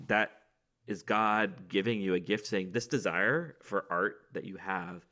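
A man's voice: fairly low pitch, unhurried, sharp tone. A man, a priest, speaking reflectively and earnestly in a podcast chat, often restarting his sentences. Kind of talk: casual chat.

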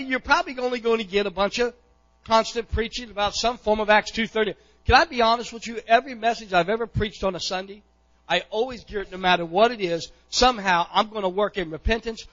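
A middle-aged male pastor preaching a sermon, impassioned, often pushing to near-shouts and repeating words as he goes. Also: high voice, lo-fi sound.

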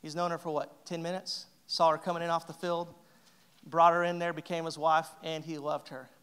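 Man, fairly high voice, pastor, conversational sermon, jokey, plays out quoted lines. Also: flat delivery, normal speed, fairly bright tone, clean tone. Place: church sanctuary.

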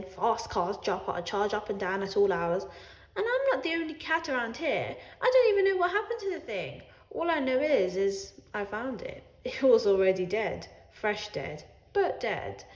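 Woman storyteller, wry cat voice, lively pitch, roomy echo. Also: normal speed. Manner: wry, sardonic, expressive, laughs along. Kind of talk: children's read-aloud as a sarcastic cat narrator.

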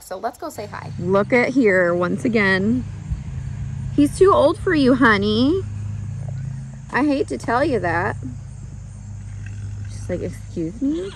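A woman's voice: mid-range voice, a little hiss or hum. A woman chatting casually as she vlogs from a horse paddock outdoors, cooing affectionately at her horses between remarks. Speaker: horse farm owner and vlogger. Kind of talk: casual vlog narration.

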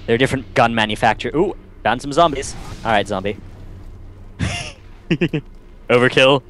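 A man casually commentating a co-op video game with a friend, full of quick excited exclamations. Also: mid-range voice, a little hiss or hum. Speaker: gameplay commentator.

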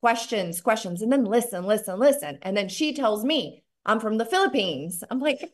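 A woman talks through sales tips on a video call, her voice sitting a little high. She chats quickly and keeps breaking into brighter acted-out dialogue. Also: expressive. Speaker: network marketing trainer. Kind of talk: animated training talk on a video call.

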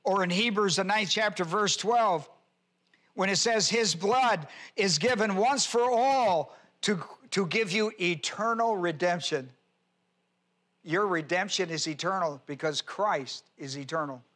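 A male pastor teaching a sermon verse by verse, reading scripture aloud and slowing down to stress key words. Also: high-pitched, a bit bright. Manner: reads scripture aloud and spells out Greek words. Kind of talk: expository Bible teaching sermon.

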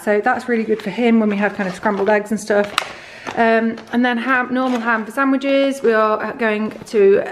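A woman chats through her shopping in a relaxed, rambling way, full of ums and restarts. Her voice sits slightly high and she sounds a little short of breath. A faint background hiss runs under the recording. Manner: chatty, rambling with fillers and restarts. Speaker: vlogger. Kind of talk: casual grocery haul chat.

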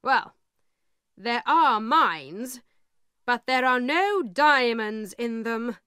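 A woman voicing a calm, blunt male lawyer who speaks in a measured, matter-of-fact way. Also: a little high, clear, resonant tone, dry recording, clean studio sound, full character voice.

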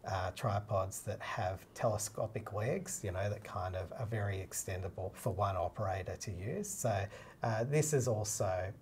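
A man, a documentary filmmaker and cinematographer, co-hosting a casual explanatory chat. He talks in a relaxed, practical way, with many fillers. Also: lowish voice, moderate pace, a little hiss or hum. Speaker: co-host.

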